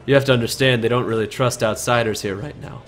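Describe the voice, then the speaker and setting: A man's voice: mid-range voice, fast talker, over music, natural voice. A man voicing a suave, charming male paladin investigator who speaks courteously in a tabletop game. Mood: smooth. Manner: smooth, courteous, flattering.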